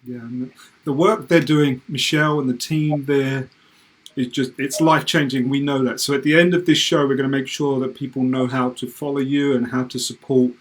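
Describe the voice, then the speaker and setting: A man's voice: medium pitch, steady tone, normal speed. Man hosting an interview. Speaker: host.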